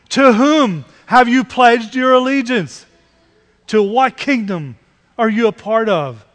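A male pastor with a notably high voice delivers a Sunday sermon, pressing his points with repeated, emphatic questions. His voice rings out in a church sanctuary, trailing a long reverb from the large room. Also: slow pace, fairly bright tone.

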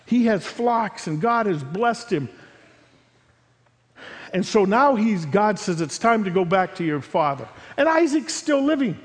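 A man preaching a sermon, retelling a story as he voices its figures and swings between loud and hushed passages. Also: sits high, big pitch swings, measured pace, long reverb tail. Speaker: pastor.

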